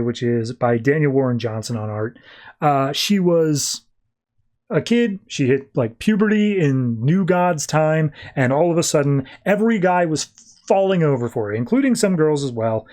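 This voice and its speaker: A man hosting a podcast, casually recapping a comic in a loose, slangy way with quick voiced asides. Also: on the high side, animated, a little mellow. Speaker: podcast host.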